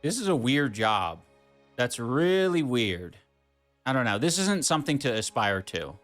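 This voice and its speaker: Indignant man with lively pitch. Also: a little slow, faint music behind. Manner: indignant, profane, emphatic. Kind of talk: heated podcast rant.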